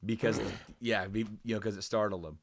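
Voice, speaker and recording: A man's voice: lowish voice, steady tone, fairly quick, creaky. Rambling, profane young man. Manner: rambling, profane, full of fillers and restarts; acts out quoted lines in a raised voice. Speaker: podcast co-host. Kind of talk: casual chat.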